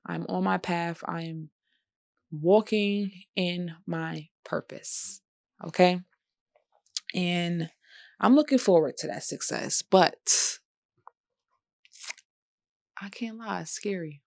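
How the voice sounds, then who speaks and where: A woman's voice: fairly low pitch, takes it slowly, vocal fry, pauses often, darkish tone, no room sound, clean studio sound. A tired woman speaking earnestly and emotionally in a personal vlog, with speech. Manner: emotional, earnest, pleading at times. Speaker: vlogger. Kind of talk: personal vlog talk to camera.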